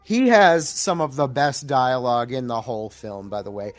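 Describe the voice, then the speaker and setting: A man co-hosting a casual movie podcast, chatting bluntly and shouting out emphatic quotes from scenes. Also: medium pitch, normal speed, faint music behind. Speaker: podcast co-host.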